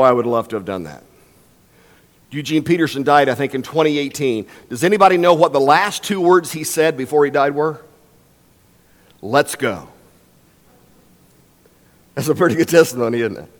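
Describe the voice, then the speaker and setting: An older man preaching a sermon as a guest pastor in a church, emphatic and varying his pace for effect. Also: on the high side. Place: church sanctuary. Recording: long reverb in a church hall.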